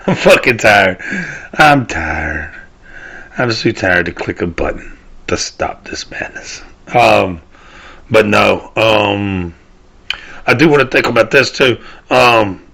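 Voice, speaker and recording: A man's voice: lowish voice, vocal fry, pushed and bright. A man, ranting loosely on his own show, rambling and swearing, often trailing off and restarting. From Southern United States. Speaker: podcast host. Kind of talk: casual solo rant.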